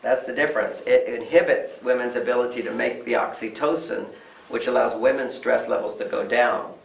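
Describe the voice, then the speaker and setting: A man's voice: mid-range voice, fairly even intonation, a little fast, creaky. An older man, a relationship author answering interview questions with emphatic delivery who often acts out quoted voices. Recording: echoey room, distant mic.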